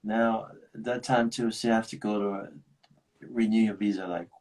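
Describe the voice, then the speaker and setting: A man hosting a casual live chat, telling animated stories and slipping into Korean phrases. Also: on the low side, moderate pace, low-quality recording. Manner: animated storytelling, switches into Korean. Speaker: host.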